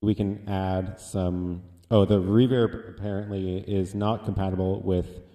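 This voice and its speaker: A man with a lowish, mellow voice hosting a casual gear-testing livestream from a home studio. He thinks aloud with plenty of fillers, speaking close into a microphone, and the sound is dry. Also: little pitch movement, unhurried, dry recording. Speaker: livestream host. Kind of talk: casual live gear demo. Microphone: close dynamic microphone.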